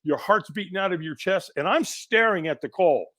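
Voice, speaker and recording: A middle-aged man speaks as a guest on a podcast, recounting a personal story. He tells it with animation and slips into the voices of the people he describes. His voice sits a little high and swoops widely up and down. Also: normal speed. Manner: animated storyteller who acts out quoted voices.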